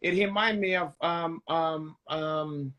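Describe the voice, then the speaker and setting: A man's voice: on the high side, slow pace, sharp tone, lo-fi sound. Profane man, broken English. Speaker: co-host. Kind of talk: comedic casual chat.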